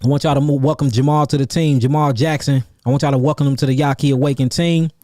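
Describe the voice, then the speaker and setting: A man hosting a livestreamed Q&A about herbal healing, animated and repetitive, calling out names from the chat and hammering his points home. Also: mid-range voice, fast, dry recording, studio quality. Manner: animated, calls out chat names and repeats himself for emphasis. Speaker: herbalist host answering viewer questions. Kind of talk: livestream Q&A, casual and preachy.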